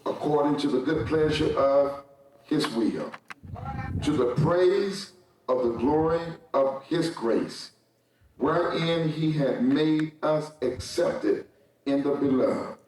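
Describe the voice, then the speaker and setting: A man reading scripture aloud slowly and evenly during a church service. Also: a little high, darkish tone, slight background noise. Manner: slow, measured reading. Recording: echoey sanctuary from far off.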